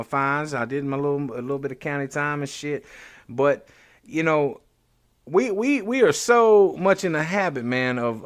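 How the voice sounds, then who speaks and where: Male podcast host; quick, profane, emphatic delivery; dry recording. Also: mid-range voice, no echo. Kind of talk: casual podcast chat.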